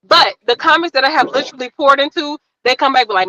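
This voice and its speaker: A woman comedian telling stories on a podcast, animated and profane. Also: sits high, quick pace, muffled recording, noisy background. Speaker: stand-up comedian, podcast guest. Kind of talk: casual podcast chat, storytelling.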